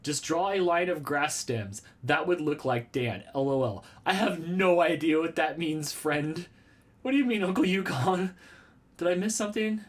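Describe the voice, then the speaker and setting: A man's voice: a little high, expressive, moderate pace. Chatty man rambling on a live stream. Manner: chatty, rambling and playful, jokes about himself. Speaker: vlogger hosting a live stream. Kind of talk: casual live-stream chat, answering viewer comments. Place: small room at home with a red wall and lava lamps.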